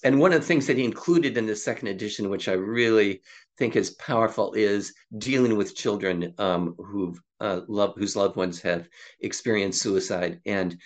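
Older man telling an animated story. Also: normal speed. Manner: animated storyteller who acts out quoted dialogue with rising pitch. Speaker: psychologist and author, podcast guest. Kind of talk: casual storytelling in an interview.

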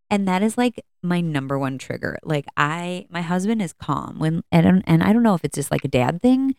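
Female podcast host, chatty and candid, low voice, smooth with some fry. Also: expressive, normal speed, a little mellow, no echo, clean studio sound. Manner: candid, chatty, with many fillers and restarts. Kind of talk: casual personal talk. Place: at home.

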